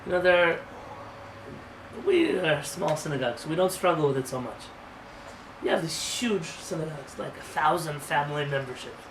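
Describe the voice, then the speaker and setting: In this clip the rabbi, voice on the high side, speaks fairly quickly while teaching informally; his style is conversational and forceful, peppered with rhetorical questions. A distant mic gives the audio a roomy feel with a little noise.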